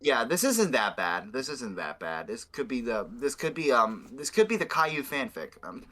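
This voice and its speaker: A man's voice: mid-range voice, sing-song, normal speed, sharp tone, low-quality recording. A young man hosting, reading a fan fiction aloud with stumbling, swearing asides. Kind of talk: casual reading with commentary.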